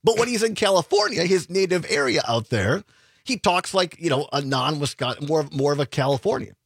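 A man hosting a political talk radio show in a studio, animated and joking with a co-host. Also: fairly high pitch, breathy edge, dry recording. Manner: animated, jokey, quick asides. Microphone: studio mic.

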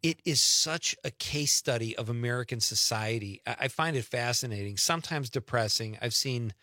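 Middle-aged radio host guy, chatty and rambling, bright voice, dry studio. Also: mid-range voice, no room sound. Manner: chatty, rambling, quick laughs. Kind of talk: casual radio banter.

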